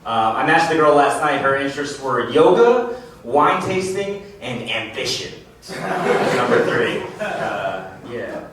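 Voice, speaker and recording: A man's voice: medium pitch, sing-song, unhurried, background noise. A young man performing a casual, self-deprecating stand-up set at a comedy club, with the audience laughing behind him. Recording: roomy club sound from a distant mic, crowd laughter.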